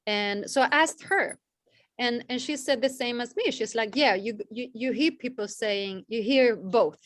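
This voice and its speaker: A woman leading an online class over a video call, talking slowly with many fillers and restarts. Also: fairly high pitch, a bit bright, no room sound. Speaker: class organizer. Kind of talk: casual online class talk.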